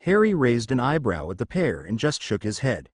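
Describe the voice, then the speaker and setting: A man narrating a fan fiction story in a steady, expressive storytelling voice. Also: mid-range voice, normal speed, no room sound, studio quality.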